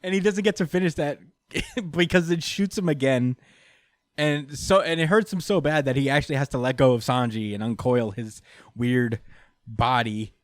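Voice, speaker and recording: A man's voice: mid-range voice, normal speed, dry recording, clean studio sound. A young man in casual podcast chat, recapping a story with lots of laughter and acted-out character lines. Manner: animated, laughs often, acts out character lines. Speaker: podcast co-host recapping a manga chapter.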